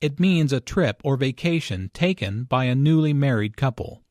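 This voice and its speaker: A man narrating an English lesson in a slow, deliberate, explanatory reading. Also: mid-range voice, animated, a little mellow, no echo. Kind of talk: scripted language lesson narration.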